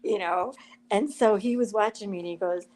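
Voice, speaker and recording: Woman guest on a live chat, animated storyteller who does the voices in her quotes. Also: mid-range voice, moderate pace, poor audio. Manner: animated storyteller, acts out quotes, laughs often.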